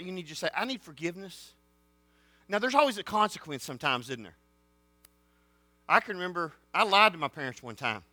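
A man delivers an animated sermon in a high, bright voice. He swings from loud declarations down to hushed storytelling. The sound is dry and close, with a faint mains hum underneath. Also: no echo. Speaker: pastor.

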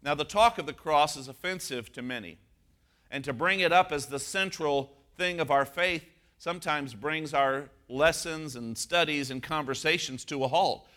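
A man preaching a sermon as pastor, moving from a personal story to emphatic, slowed stress on key words. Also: on the high side, bright, forceful tone.

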